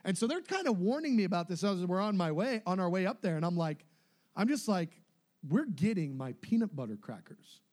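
Young guy with a high voice telling a story, gets really animated doing everyone's lines. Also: brisk. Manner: animated, acts out quotes with shifting voices. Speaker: storyteller recounting a mission trip. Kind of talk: casual spoken storytelling.

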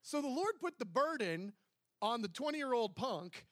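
A man preaching, telling his story to a congregation, animated, with fast excited bursts, slow emphatic stretches and acted-out dialogue. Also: very high-pitched, dry recording, clean studio sound. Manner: acts out quoted dialogue.

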